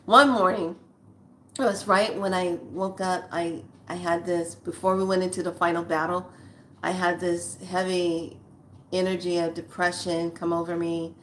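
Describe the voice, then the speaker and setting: Speaking to camera with slight background noise, this spiritual vlogger in her sixties has a lowish, somewhat bright voice and a flat delivery at moderate speed. She shares a personal tale with her "lovelies," chatty, blunt and down-to-earth.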